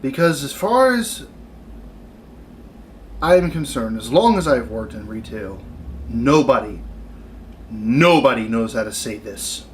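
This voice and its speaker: A man's voice: mid-range voice, lively intonation, measured pace, pauses often, a little hiss or hum. Exasperated, sarcastic man ranting animatedly. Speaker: retail worker venting on camera. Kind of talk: comedic rant vlog.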